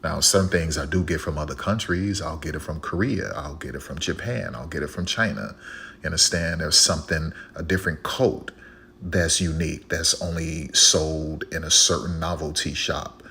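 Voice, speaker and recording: A man's voice: rumbling low, moderate pace, sharp tone, a little hiss or hum. A man talking in a casual, preachy monologue, repeating phrases and firing rhetorical questions. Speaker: online commentator.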